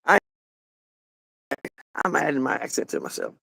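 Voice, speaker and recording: A man's voice: a little high, expressive, moderate pace, vocal fry, long pauses, no echo. A man with a Southern Kentucky accent hosting a garage channel, rambling and swearing in a joking way as he shows off his truck. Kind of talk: casual garage walkthrough.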